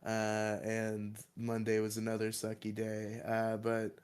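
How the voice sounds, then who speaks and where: A man's voice: on the low side, little pitch movement, measured pace, hardly any pauses, smooth. A young man, congested and coughing, rambling and swearing casually as a podcast co-host. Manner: swears freely, rambling and defensive.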